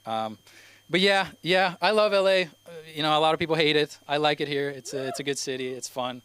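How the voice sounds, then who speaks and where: A man's voice: fairly high pitch, brisk, noisy background. A young man from Spain with a slight Spanish accent, doing his first stand-up set at an open mic, rambling and hesitant with many fillers. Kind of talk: stand-up comedy. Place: comedy club stage.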